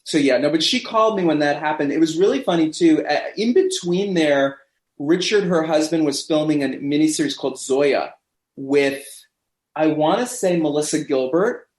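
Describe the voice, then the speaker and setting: A man's voice: a little high, moderate pace. Chatty storytelling man, roomy echo. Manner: animated storyteller who acts out quoted voices. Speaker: podcast guest. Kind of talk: casual chat.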